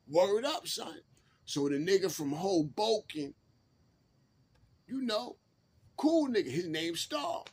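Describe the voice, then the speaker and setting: Laid-back slangy storyteller, high voice. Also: male voice, animated, slow pace, long pauses, darkish tone, slightly rough. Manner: laid-back street slang, repeats himself. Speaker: channel host telling a prison story. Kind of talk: casual storytelling.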